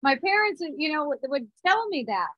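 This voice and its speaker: A woman's voice: high voice, very animated, moderate pace, dry recording, lo-fi sound. A woman in her thirties giving a spiritual talk, earnest, with small restarts and frequent check-ins. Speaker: spiritual teacher. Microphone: phone or device mic.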